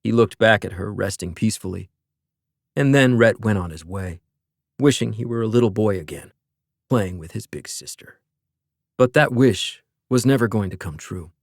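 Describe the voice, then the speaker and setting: A man's voice: lowish voice, expressive, normal speed, gravelly, dry recording. Man narrating an audiobook, dry and close. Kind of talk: scripted narration.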